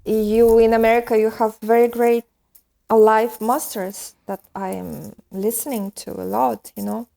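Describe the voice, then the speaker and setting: A woman speaking as a podcast guest in an earnest, reflective way. She talks slowly and unhurriedly, and her voice is fairly high. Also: level tone, creaky, dark tone. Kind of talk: podcast interview.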